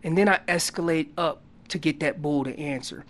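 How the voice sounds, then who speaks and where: A man guest on a radio talk show, explaining elk calling in an animated storytelling way that gets loud on key points. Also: on the high side, normal speed. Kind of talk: casual radio interview.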